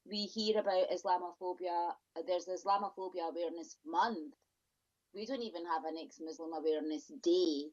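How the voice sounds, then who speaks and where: A woman's voice: lowish voice, darkish tone. Outspoken woman on a dull lo-fi line. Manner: outspoken, exasperated, quick asides. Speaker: podcast guest. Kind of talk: casual interview chat. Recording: dull lo-fi audio.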